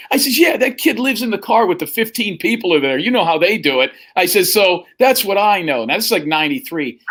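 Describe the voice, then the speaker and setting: A man's voice: sits high, sharp tone. A middle-aged man telling a long, profane story in casual chat and acting out the other people's lines. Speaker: podcast host telling a story.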